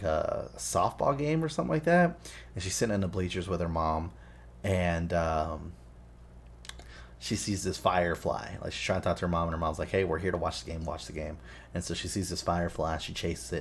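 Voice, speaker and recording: Very low-voiced man, swearing casually. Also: fairly quick, slight background noise. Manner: swears a lot, rambling storytelling; animated retelling of scenes. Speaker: podcast co-host. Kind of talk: casual chat.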